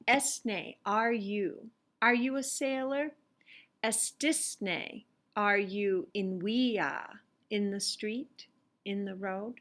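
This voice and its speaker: A woman's voice: medium pitch, expressive, extremely slow, fairly bright tone. A woman teaching Latin, patiently walking through worksheet examples and sounding out each phrase. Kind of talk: explaining worksheet exercises.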